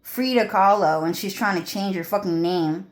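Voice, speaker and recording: A woman's voice: mid-range voice, normal speed. A young woman vlogger ranting to her viewers in a crude, swearing, rambling way, full of fillers. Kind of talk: rambling profane rant to viewers.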